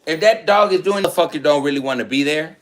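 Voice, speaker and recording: A dog breeder talks straight at the camera in a blunt, swearing, boastful rant. His voice sits a little high for a man, and he mocks his rivals as he goes. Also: fast.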